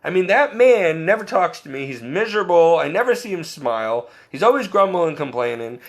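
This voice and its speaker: A man's voice: fairly high pitch, fairly quick. A man earnestly sharing a personal faith story, self-deprecating and often laughing at himself. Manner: quotes himself and others in animated bursts. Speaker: Catholic layman sharing testimony.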